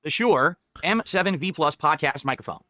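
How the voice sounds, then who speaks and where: A man's voice: fairly high pitch, lively intonation, moderate pace, sharp tone, no room sound, clean studio sound. A man explaining his new microphone to viewers in a defensive, rambling way. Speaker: content creator reviewing a microphone. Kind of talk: product talk to viewers.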